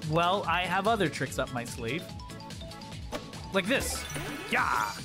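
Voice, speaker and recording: A man's voice: on the high side, big pitch swings, takes it slowly, music in the background. A man streaming a video game, chatting playfully and jokingly with his viewers. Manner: playful, jokey, chats to viewers. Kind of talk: casual live-stream chat.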